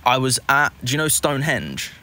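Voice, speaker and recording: A man, a hypnotist guest, telling an animated story in casual conversation, acting out quotes and swearing freely. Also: mid-range voice, normal speed.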